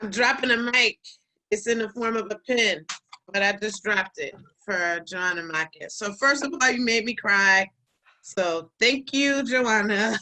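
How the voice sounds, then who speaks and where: A woman's voice: a little high, measured pace, bright, forceful tone, poor audio. A woman emceeing an online event, introducing speakers in an effusive, tearful, emphatic way over a video call. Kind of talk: emotional live introductions.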